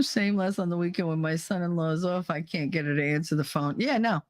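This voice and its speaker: A woman's voice: fairly low pitch, normal speed, dry recording. A middle-aged woman hosting a livestream, chatting casually with viewers, often laughing and teasing. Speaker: livestream host. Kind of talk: casual chat with live chat.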